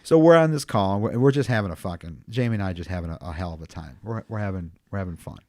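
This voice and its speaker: A man's voice: lowish voice, animated, fast, darkish tone, no room sound, clean studio sound. A man, a funeral home owner, chatting casually on a podcast and telling rambling stories with plenty of swearing. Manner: profane, rambling storyteller.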